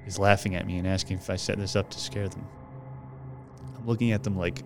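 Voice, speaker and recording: This man reads a spooky story aloud for his podcast in a deep, steady voice that barely rises or falls. His delivery is loose and casual, with plenty of swearing. Music plays clearly beneath him. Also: a little fast. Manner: casual, swears freely while reading. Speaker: podcast host. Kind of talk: reading a horror story aloud.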